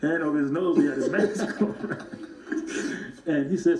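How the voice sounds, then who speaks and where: A man, a music producer and guest, telling stories in an animated way and acting out the voices of the people in them. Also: medium pitch, fast talker, roomy sound, rough recording. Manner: acts out other people's voices in his stories. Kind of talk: animated storytelling.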